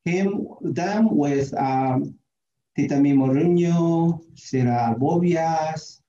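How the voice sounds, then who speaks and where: A man sharing a measured, reflective remembrance at a memorial. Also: a little high, mellow. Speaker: tribute speaker at a memorial. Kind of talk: personal remembrance. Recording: roomy, distant, dull lo-fi sound.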